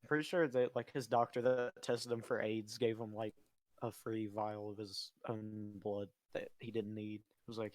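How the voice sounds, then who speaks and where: A man's voice: fairly low pitch, flat delivery, moderate pace, darkish tone, no room sound. A young man co-hosting a casual late-night podcast, rambling through stories with lots of fillers and laughing often. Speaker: podcast co-host.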